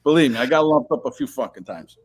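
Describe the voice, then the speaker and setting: A man telling a long, rambling story in casual chat, swearing constantly and clearing his throat often. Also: medium pitch, expressive, fast talker. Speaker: interview guest.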